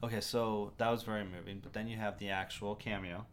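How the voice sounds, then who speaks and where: A man's voice: on the low side, steady tone, a little hiss or hum. Hesitant man co-hosting a film podcast. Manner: measured, fact-checking, many ums and restarts. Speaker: podcast co-host. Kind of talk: casual movie review chat.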